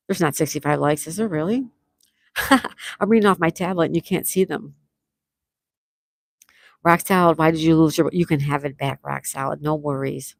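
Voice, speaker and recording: A woman's voice: sits low, normal speed, vocal fry, long pauses, no echo. A woman hosting a casual livestream, chatting and reading out viewer comments, laughing often. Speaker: livestream host.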